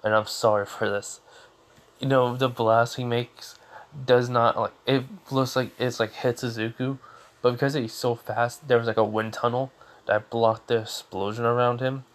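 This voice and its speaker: A young man spins a fan fiction story off the top of his head, with many fillers and restarts along the way. His voice sits at a middle pitch and stays casual and unscripted. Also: little pitch movement, normal speed.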